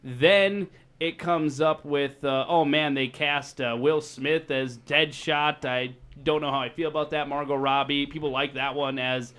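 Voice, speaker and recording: A man co-hosting a podcast, chatting casually in a measured, thoughtful way. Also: fairly high pitch, steady tone, a bit bright, clean tone. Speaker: podcast co-host. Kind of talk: casual chat.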